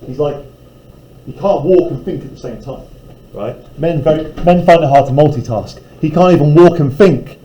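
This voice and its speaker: A man's voice: fairly high pitch, normal speed, warm tone, dull audio. A male teacher reading a novel aloud in a classroom and breaking off to explain it in casual terms. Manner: reads aloud, then paraphrases casually.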